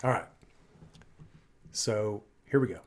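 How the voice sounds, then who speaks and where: In a music reaction video, a man breaks down a singer's performance with enthusiastic admiration, rambling and restarting as he goes. His pitch is fairly low and he takes his time.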